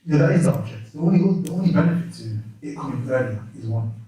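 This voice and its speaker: A man teaching a lesson in a mosque classroom, explaining terms in a quick, conversational way with many restarts. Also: medium pitch, animated, mellow. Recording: echoey room from a distance.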